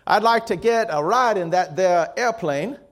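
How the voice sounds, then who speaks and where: A man's voice: sits high, unhurried. A man voicing a stubborn, penny-pinching 71-year-old country man in a put-on Southern drawl, with a folksy manner. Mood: pleading.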